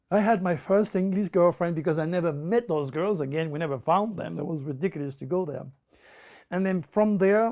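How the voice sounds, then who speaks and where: An older man from France with a French accent, telling an animated, emphatic story as an interview guest, repeating words for effect. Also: fairly high pitch. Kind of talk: storytelling anecdote.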